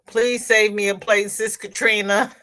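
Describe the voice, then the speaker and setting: A woman's voice: medium pitch, little pitch movement, unhurried, pushed and bright. A woman hosting a crochet livestream, chatting casually as she reads viewer comments aloud and answers them.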